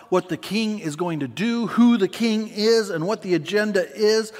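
A man preaching a sermon as pastor to a church congregation, animated and acting out scenes. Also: on the high side. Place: church sanctuary. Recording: long reverb of a church hall.

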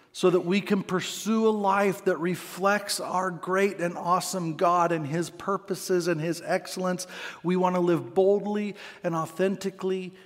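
A man's voice: high-pitched, long reverb tail. A male pastor preaching a sermon in a church, talking conversationally and asking his congregation rhetorical questions.

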